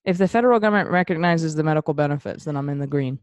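A woman's voice: deep voice, rapid-fire, a little mellow, clear, resonant tone, no echo. A young woman co-hosting a casual podcast. She teases her friend and laughs often. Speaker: podcast co-host.

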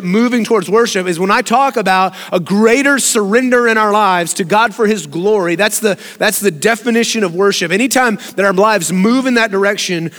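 The long reverb of a large hall surrounds a man preaching as pastor in a church sanctuary, his high voice a bit bright. His sermon is conversational, full of questions for the congregation and frequent laughs.

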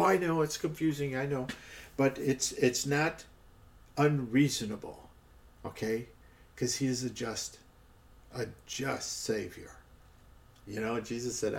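A man giving a conversational podcast Bible teaching, often checking in with "okay" and stressing the quoted lines. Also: on the high side.

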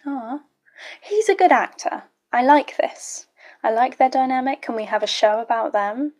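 A woman's voice: sits high, normal speed, a little mellow. A young woman giving casual, blunt, sweary reaction commentary while watching a show. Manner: blunt, sweary, chatty asides. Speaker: YouTube reaction host.

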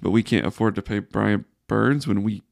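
A man's voice: lowish voice, moderate pace, creaky, no echo, clean studio sound. A man hosting a solo sports podcast, ranting in exasperated frustration. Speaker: podcast host.

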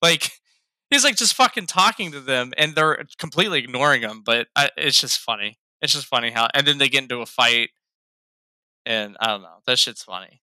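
A man's voice: mid-range voice, lively intonation, brisk, sharp tone, smooth, dry recording, clean studio sound. A man in casual chat about a film, laughing a lot, swearing freely and acting out lines he liked. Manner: laughing, profane, quotes lines in raised voices. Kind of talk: casual movie review chat.

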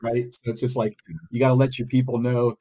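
A lower, mellow-voiced man with a husky edge hosts a casual panel. His questions wander and pile up with "like" and "you know" before he reaches the point. His tone stays relaxed throughout. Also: fairly quick. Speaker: co-host working in esports and gaming.

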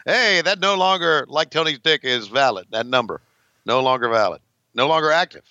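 A man co-hosting a podcast in casual chat, gruffly protesting and laughing along as his friend teases him. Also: medium pitch, animated, fairly quick, bright, forceful tone, dry recording, highs cut off. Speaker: podcast co-host.

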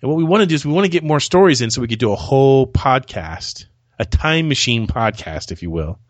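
A man's voice: medium pitch, expressive, fairly quick, no echo. A man hosting a casual podcast chat. He rambles and repeats words as he starts his sentences. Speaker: podcast host.

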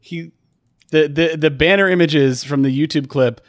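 A man co-hosting a casual chat podcast, talking in a halting way with many fillers and restarts. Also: a little high, dry recording, clean studio sound. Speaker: podcast co-host.

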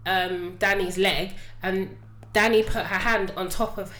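A woman, co-hosting a podcast in casual chat and telling stories with lively acted-out quotes. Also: medium pitch, unhurried. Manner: animated storytelling, acts out quotes. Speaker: podcast co-host. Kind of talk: casual chat about reality TV. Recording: echoey room with faint noise.

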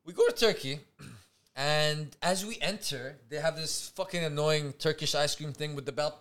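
A man with a fairly high voice tells a night-out story on a casual podcast, swearing freely and acting out the people he met. He sounds loose and lively, bouncing between narration and voiced quotes. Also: normal speed. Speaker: podcast co-host.

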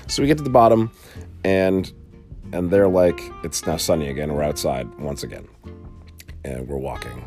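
A man hosting a casual solo podcast, telling a long story in a rambling, animated way with many fillers, from a small home studio. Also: rumbling low, moderate pace, long pauses, faint music behind. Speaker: podcast host.

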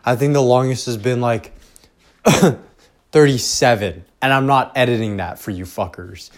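Slow, rambling young man podcasting. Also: medium pitch. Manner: profane, self-deprecating, trailing off. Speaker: podcast host. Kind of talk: rambling casual monologue. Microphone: headphones and home recording setup.

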